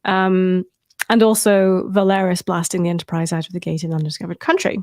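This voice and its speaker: A woman's voice: fairly low pitch, little pitch movement, fairly quick, a little mellow, no echo, studio quality. A woman co-hosting a casual recap podcast, chatty and detail-loving, with many hesitant fillers. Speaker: podcast co-host.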